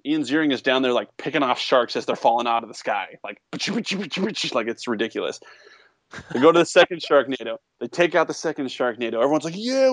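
A young man co-hosting a casual podcast, retelling a movie plot with lively, acted-out quotes. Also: mid-range voice, dry recording. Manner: animated storytelling, acts out quotes in a raised voice. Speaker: podcast co-host.

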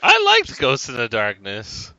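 A man co-hosting a casual chat, ranting and swearing with animated laughs, on a dry, slightly dull recording. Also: mid-range voice, unhurried, no room sound.

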